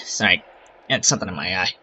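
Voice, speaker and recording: A man's voice: sits low, lively intonation, fast, bright, forceful tone, slightly rough. A man giving rambling casual commentary while playing a park-building game, with exasperated asides. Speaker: gaming channel host. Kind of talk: casual let's-play commentary.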